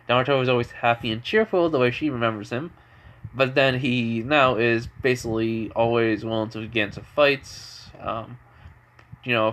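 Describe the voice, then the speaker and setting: A young man telling an improvised fan story in a loose, rambling way, full of fillers and asides. His voice sits at an ordinary middle pitch for a man. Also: fairly bright tone. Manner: rambling, filler-heavy, chuckling. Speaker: amateur storyteller.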